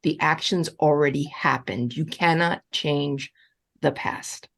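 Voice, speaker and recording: Slow and creaky-voiced, this relationship coach answers audience questions in a live online Q&A. Her pitch rises and falls sharply as she stresses each point, and she stays insistent and reassuring, coming back repeatedly to the same comforting phrases.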